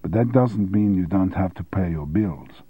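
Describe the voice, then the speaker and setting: A man's voice: low voice, normal speed, slightly rough, no echo, phone-quality sound. A man doing an unmoved, dry-witted mechanic. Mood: dry calm. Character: calm, dry-witted German male garage mechanic. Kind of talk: audiobook character voice.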